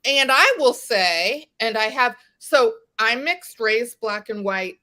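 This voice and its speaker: A woman from West Virginia tells a story on a podcast, slowly and with animation. Her voice sits a little high and sounds bright and sharp. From West Virginia, USA. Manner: animated storyteller, acts out quoted exchanges. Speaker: guest. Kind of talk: podcast conversation.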